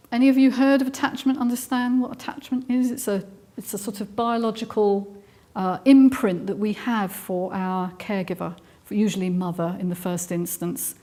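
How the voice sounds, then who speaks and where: A middle-aged woman with an English accent addresses a live audience on the subject of trauma in a fairly high, warm voice. She explains things earnestly but often says "um" and begins her sentences again.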